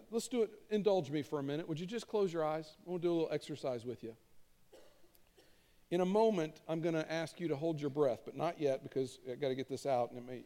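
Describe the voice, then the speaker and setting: Earnest pastor preaching in a big hall. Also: male voice, fairly high pitch, mellow. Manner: conversational, earnest, emphatic repetition. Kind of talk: sermon. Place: church auditorium stage. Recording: long reverb of a large hall.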